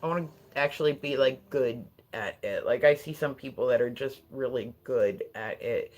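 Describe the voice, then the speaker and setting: With a mid-range voice at a moderate pace, a live streamer with a New Jersey accent talks casually into a phone. The chat is rambling and tangent-prone, with plenty of swearing.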